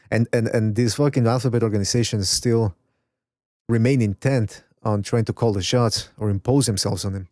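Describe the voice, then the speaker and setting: A man's voice: on the low side, fairly even intonation, moderate pace, darkish tone, dry recording, clean studio sound. A man hosting a casual boxing podcast, rambling, swearing and reading chat messages aloud. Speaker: podcast host. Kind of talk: casual live-stream chat.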